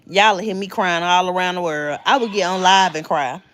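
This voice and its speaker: A woman's voice: lowish voice, a bit bright, a little hiss or hum. A woman in her late thirties hosting a live stream, chatting in a confiding way straight to her viewers. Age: late 30s. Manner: chatty, confiding, addresses viewers as y'all and honey. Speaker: livestream host. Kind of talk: casual live-stream chat.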